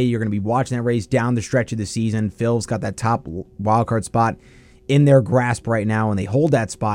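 Young male sports radio host, lively rundown, student-station feel. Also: mid-range voice. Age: young adult.

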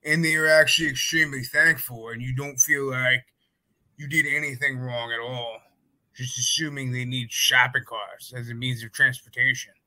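A man's voice: medium pitch, fairly even intonation, normal speed, sharp tone, low-quality recording. A man in casual conversation, talking loosely with lots of "like" and hedging asides. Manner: chatty, hedging, many fillers. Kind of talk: casual chat.

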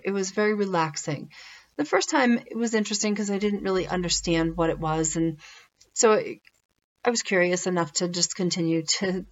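A woman's voice: lowish voice, muffled recording. A woman sharing a personal faith testimony in a casual, rambling way, full of fillers and restarts.

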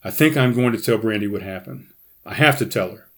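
Brief: jittery, guilt-ridden coworker, voiced by a male storyteller, strained and a bit higher. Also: expressive, a little fast, close to an everyday voice. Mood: nervous. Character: nervous guilty young man, coworker.

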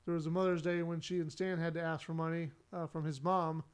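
A man's voice: fairly high pitch, flat delivery, brisk, clear, resonant tone. A man casually recapping a sitcom episode for a podcast, narrating the plot with lots of "uh" fillers.

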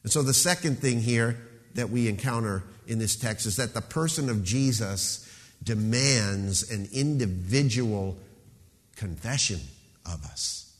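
Man, pastor, emphatic sermon delivery, slows to stress words, mid pitch, long hall reverb. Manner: emphatic preaching, slowing down to stress key words.

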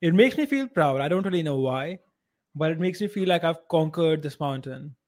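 Male podcast co-host, slightly high voice, relaxed and conversational. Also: normal speed. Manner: relaxed, conversational, swears casually. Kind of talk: casual podcast chat.

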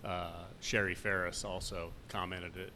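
Casting: relaxed male podcast co-host, very low voice, faint hiss in the room. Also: a little slow. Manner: relaxed, laid-back, talks while eating. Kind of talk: casual chat.

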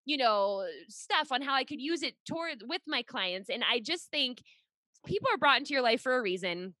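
Bright, enthusiastic young woman podcast host. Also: sits high, expressive, normal speed, no echo, clean studio sound. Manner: enthusiastic, gushing, heavy use of "like". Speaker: podcast host and personal trainer. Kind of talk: casual podcast chat.

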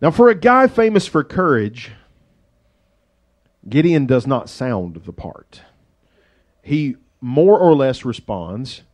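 A man's voice: medium pitch, big pitch swings, slow pace, pauses often, lo-fi sound. A middle-aged man preaching a sermon as pastor, conversational and joking, acting out the voices in the story he tells.

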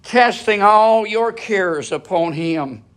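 Fervent high-voiced male preacher. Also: slow pace. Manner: fervent, repetitive preaching cadence. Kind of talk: sermon.

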